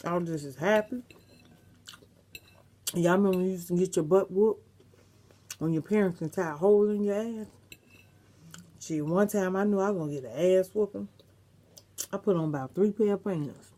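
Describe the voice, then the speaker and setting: A woman's voice: fairly low pitch, normal speed, long pauses, warm tone. A middle-aged woman vlogger, chatting casually and reminiscing to her viewers, with some salty language. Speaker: mukbang vlogger.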